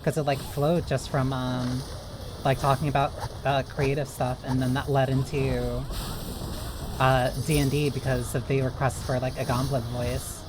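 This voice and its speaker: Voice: mid-range voice, little pitch movement, unhurried, background noise. A streamer chatting casually while playing a game, rambling loosely from one thought to the next.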